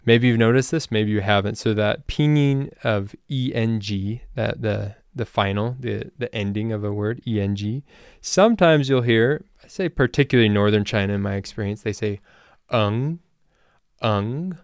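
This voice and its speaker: A man hosting a language-learning podcast, explaining things in a relaxed, casual way with loose fillers. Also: on the low side, moderate pace, smooth, dry recording, studio quality. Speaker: language teacher and podcast host. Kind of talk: casual spoken lesson.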